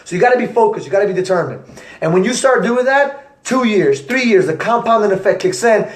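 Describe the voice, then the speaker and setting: A young man, an entrepreneur, giving an energetic motivational talk to camera with repetitive, punchy phrasing. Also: high-pitched, fairly quick. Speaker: entrepreneur vlogger. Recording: echoey room.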